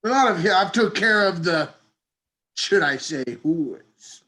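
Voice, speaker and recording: A man's voice: high voice, animated, takes it slowly, sharp tone, exaggerated voice. A man voicing a boisterous, bawdy male warrior who talks with growly pirate-like bluster.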